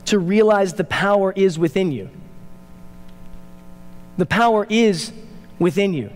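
A man pastor preaching a sermon in a church, emphatic, rising to loud urgent peaks and dropping to low quiet asides. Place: church sanctuary. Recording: church hall reverb.

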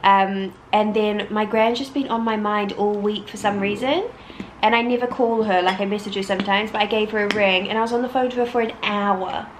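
A woman's voice: mid-range voice, fairly even intonation, brisk, slight background noise, poor audio. A young woman with a New Zealand accent, co-hosting a casual vlog in a chatty, giggly, exclaiming way. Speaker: vlogger co-host. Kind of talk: casual chat.

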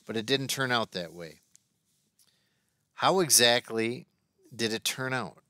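A man voicing a careful, apologetic stockbroker who explains things in a measured way. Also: mid-range voice, bright, forceful tone, clean tone, no echo, studio quality. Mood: explaining.

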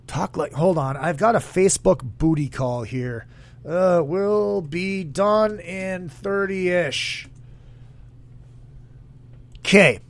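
Gravelly, lively-pitched man rambling on a podcast. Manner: rambling, crude, jokey, reads chat comments aloud. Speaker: podcast host. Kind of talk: casual solo podcast chat.

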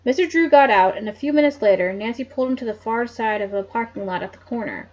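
Woman reading a book aloud at home, pretty high voice, chatty asides, dull lo-fi mic. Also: fast talker, a little mellow. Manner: chatty asides, laughs at the story. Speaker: narrator.

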